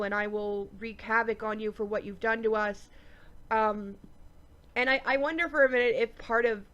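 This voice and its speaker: A woman with a stuffy nose giving a chatty, animated review of a TV episode, with lots of ums. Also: fairly high pitch, dull audio. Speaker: TV show reviewer. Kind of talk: casual episode review vlog.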